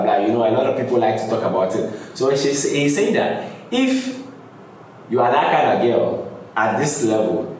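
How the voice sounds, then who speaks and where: A man's voice: mid-range voice, distant mic. A man hosting a music reaction, casually explaining rap lyrics line by line and laughing often. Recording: roomy echo, off-mic, faint background noise.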